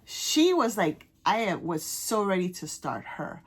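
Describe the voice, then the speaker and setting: A woman with a Caribbean accent chatting casually as she shows off her stitching patterns, trailing off and dropping to a soft near-whisper now and then. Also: medium pitch, sing-song, slow, a little hiss or hum. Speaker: cross-stitch vlogger. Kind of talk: casual show-and-tell chat.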